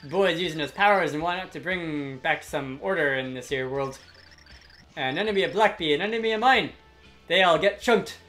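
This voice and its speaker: A gamer voicing a burly, boastful male warrior brute in a rough attempt at a Scottish accent, reading game dialogue in character. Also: mid-range voice, normal speed, fairly bright tone, soft background music, lightly acted. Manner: bellowing, gruff, boisterous.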